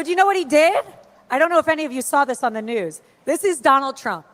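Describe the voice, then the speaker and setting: A woman telling animated stories to a crowd and acting out the voices of the people she quotes. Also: high-pitched, fast. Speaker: speaker at an event. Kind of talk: storytelling speech to a crowd.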